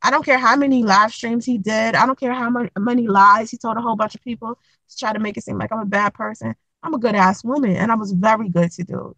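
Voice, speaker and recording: A woman's voice: on the high side, quick pace, gravelly, dry recording, rough recording. Blunt, profane woman telling a story. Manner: blunt, profane, animated retelling with acted quotes. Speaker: vlogger giving dating advice. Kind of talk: casual storytelling to camera.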